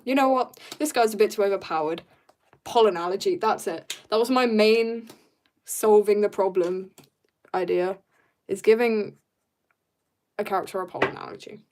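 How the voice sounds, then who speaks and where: A woman's voice: medium pitch, a little mellow. A woman livestreaming as she draws, chatting casually with her viewers in a bubbly way and laughing often. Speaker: livestreaming artist. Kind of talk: casual chat while drawing, reading chat.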